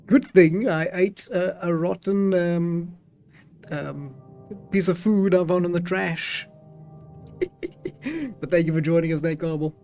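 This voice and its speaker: A man hosting a live game stream in a slightly high voice. He talks slowly and easily, breaking into laughter between lines of the game's text. Faint music runs behind him. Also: steady tone, darkish tone. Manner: chatty and giggly, laughs often.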